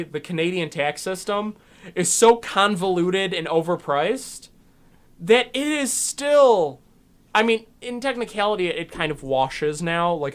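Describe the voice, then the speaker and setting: Man, casual podcast chat, rambling, lots of fillers and restarts. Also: high-pitched. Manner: rambling, restarts with ums and likes. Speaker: podcast co-host.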